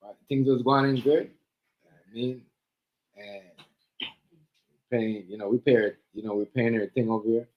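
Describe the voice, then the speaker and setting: A man's voice: lowish voice, steady tone, moderate pace, long pauses. A man co-hosting a live stream, chatting in a rambling way, leaning on fillers like "you know what I mean". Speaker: livestream co-host. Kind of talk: casual chat. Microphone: live stream setup. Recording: dull lo-fi stream audio.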